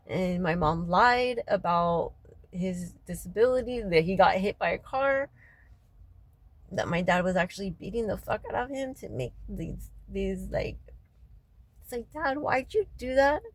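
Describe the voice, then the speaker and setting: A woman, crying as she vents in a raw, profane personal rant, her voice often sinking low and quiet. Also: measured pace, no echo, low-quality recording. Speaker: local resident venting after a city meeting. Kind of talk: emotional personal vlog rant.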